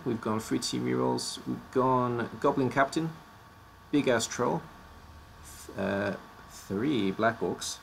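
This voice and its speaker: Gravelly-voiced male streamer, slightly worn voice. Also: medium pitch, a little hiss or hum. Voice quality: joking, stumbles over odd names. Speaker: streamer presenting league teams. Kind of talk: casual live-stream commentary.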